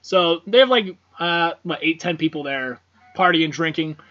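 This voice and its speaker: A man's voice: on the high side, expressive, moderate pace, a bit bright. A man co-hosting a casual horror film podcast, who rambles with lots of fillers and swears freely. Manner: rambling, profane, many fillers. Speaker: podcast co-host. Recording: dull lo-fi podcast audio.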